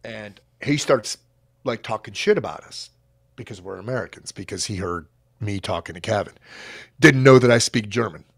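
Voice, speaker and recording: A man coaching on a livestream, telling a story in a casual, animated and profane way. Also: lowish voice, normal speed, vocal fry, dry recording, studio quality.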